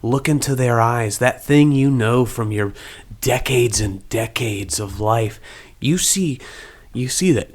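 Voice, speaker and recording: A man narrating as game master in a tabletop game, animated and rambling. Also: mid-range voice, slow pace.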